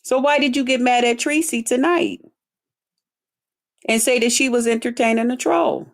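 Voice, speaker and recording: Woman streamer going off on her chat, cusses a ton, raspy fry in the voice. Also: a little high, moderate pace. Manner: blunt, heavily profane, drawls mocking quotes. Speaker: livestream host. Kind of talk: profane commentary rant to chat.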